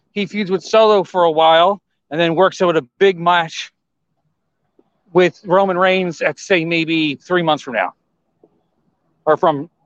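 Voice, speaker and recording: Man, high voice, excitable, rambling, dry close sound, dull lo-fi recording. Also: no echo. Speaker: podcast co-host. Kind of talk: casual wrestling podcast chat.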